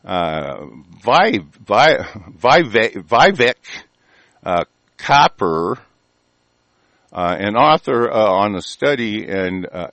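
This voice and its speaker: A man's voice: on the low side, very animated, very slow, fairly bright tone, no echo, muffled recording. A man ranting angrily as a talk show host, swearing constantly and laughing mockingly. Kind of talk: profane conspiracy rant.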